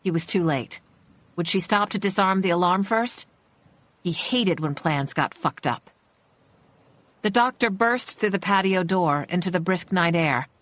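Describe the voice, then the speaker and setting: Low-voiced woman narrating a thriller. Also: lively intonation, a little slow, fairly bright tone, no room sound. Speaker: audiobook narrator.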